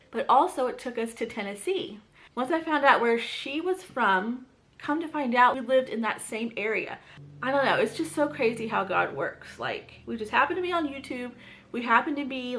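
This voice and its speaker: A book channel host with a light Southern US accent chats casually to camera about books. Her voice is a little high and a bit bright, bubbly and chatty, and she says "like" and "you guys" a lot.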